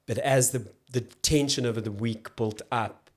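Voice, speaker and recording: A man's voice: mid-range voice, moderate pace. A man, a guest in a podcast interview who tells long rambling stories and often breaks off mid-sentence. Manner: relaxed, rambling, self-interrupting. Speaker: podcast guest, actor and comedian. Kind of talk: casual storytelling chat.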